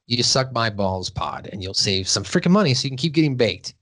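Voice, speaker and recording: A man's voice: mid-range voice, big pitch swings, fairly quick, a bit bright. A man hosting a casual podcast, joking around, plugging a sponsor and recapping a cartoon episode. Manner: loose, joking, reads sponsor plugs. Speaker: podcast host.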